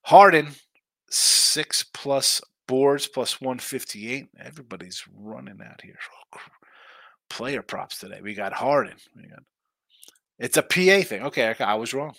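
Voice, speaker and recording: Man, sports betting stream host, bright voice, dry sound, loose chatty banter. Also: mid-range voice, animated, unhurried, creaky, no echo. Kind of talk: live-stream chat, reading viewer comments.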